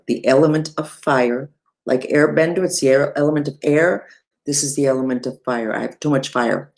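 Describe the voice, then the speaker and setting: A woman who is a spiritual teacher, explaining mantras and mudras in a casual, chatty online lesson, with self-deprecating asides and wide swoops in pitch. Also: creaky, darkish tone.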